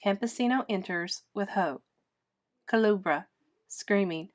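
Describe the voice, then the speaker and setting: A woman teacher reading a children's play aloud, clearly and steadily. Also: mid-range voice, animated, unhurried.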